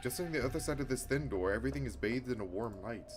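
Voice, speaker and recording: A man streaming a visual novel, reading the game text aloud and breaking into excited, chatty reactions. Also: mid-range voice, fast. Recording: loud game music behind the voice. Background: loud game soundtrack.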